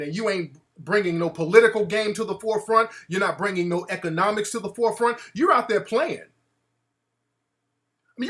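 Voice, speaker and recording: A man hosting a talk show, ranting in an animated, mocking way and putting on voices to quote people. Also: high-pitched. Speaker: show host. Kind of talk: casual talk-show rant.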